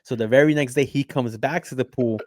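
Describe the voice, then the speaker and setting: Easygoing New podcast co-host. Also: male voice, medium pitch, a little fast, a little mellow, no room sound, studio quality. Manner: easygoing, repeats words when starting. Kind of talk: casual podcast chat.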